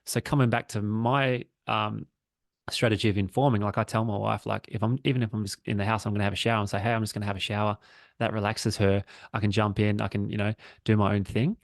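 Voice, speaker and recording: Gravelly man, relaxed podcast chat. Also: fairly low pitch, fast talker, dry recording, clean studio sound. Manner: relaxed, reflective, swearing freely. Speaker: podcast co-host. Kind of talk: casual chat.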